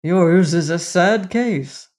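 A stern old king from a fairy-tale storybook, impatient and quick to take offence, put on by the narrator. He speaks in loud, indignant bursts at a slow, weighty pace, with a middling pitch. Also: close to an everyday voice. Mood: grave. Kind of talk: storybook character voice.

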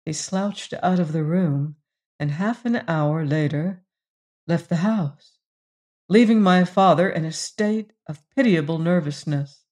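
A reader giving a measured, scripted narration of a period story. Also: medium pitch, darkish tone. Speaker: audiobook reader.

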